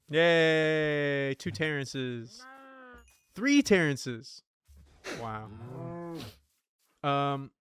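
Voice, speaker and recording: A man's voice: mid-range voice, fairly bright tone, a little hiss or hum. A young man casually talking over a game, telling a story in a loose, rambling way full of swearing and "dude". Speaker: gaming streamer. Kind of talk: casual gameplay commentary with storytelling.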